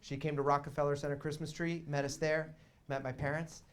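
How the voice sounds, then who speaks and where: A young man doing stand-up storytelling in a small theater, swinging between quiet asides and loud excited bursts. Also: on the high side, fairly quick. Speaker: comedian.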